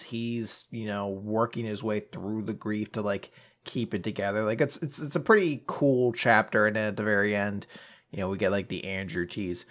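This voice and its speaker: A man co-hosting a podcast in a loose, casual chat. He rambles, swears freely and lets his sentences trail off. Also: lowish voice. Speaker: podcast co-host.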